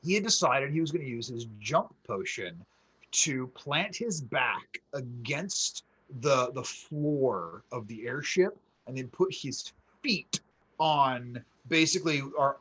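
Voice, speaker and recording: A man casually telling a tabletop game story on a podcast, acting out quotes with growing excitement. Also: on the high side, moderate pace, slightly rough, low-quality recording. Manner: animated storyteller, acts out quotes with rising excitement. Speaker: podcast co-host.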